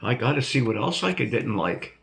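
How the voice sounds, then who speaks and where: Old guy with a gravelly voice rambling thru a story for his viewers, laughs at himself a lot. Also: medium pitch, big pitch swings, fairly quick, slight background noise. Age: older. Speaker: vlog host.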